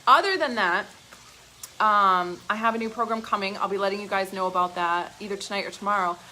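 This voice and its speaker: A woman coaching her followers on a live stream, swearing freely and pressing every point hard. She sits at a middle pitch, talks in a gushing, excited rush broken by fillers, and a faint hum of noise lies under her voice. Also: brisk, rough recording. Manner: emphatic and profane, with frequent fillers. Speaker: business coach. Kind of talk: live-stream pep talk.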